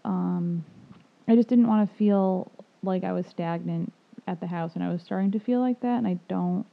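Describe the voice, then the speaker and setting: Gravelly low woman on a tinny line. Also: normal speed. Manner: hesitant, filler-heavy, blunt asides. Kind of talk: casual chat.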